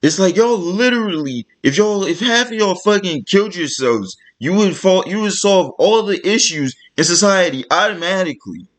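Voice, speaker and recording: A man's voice: sits high, lively intonation, moderate pace, hardly any pauses. A man delivering a blunt, profane, exasperated rant to camera as a vlogger. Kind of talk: ranting vlog monologue.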